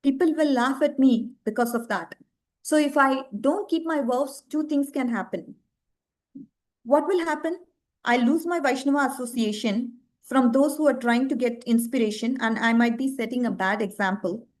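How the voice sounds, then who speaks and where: A woman's voice: sits high, normal speed, a little mellow, close to an everyday voice. A woman voicing an anxious, devout old man who speaks earnestly about keeping his word. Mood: troubled. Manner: earnest, troubled.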